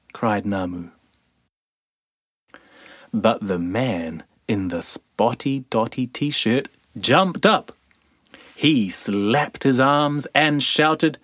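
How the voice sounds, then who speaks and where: Picture-book reader, mid-pitched, very slow and expressive, dry close sound. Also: no echo. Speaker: storybook reader. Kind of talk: children's picture book read-aloud.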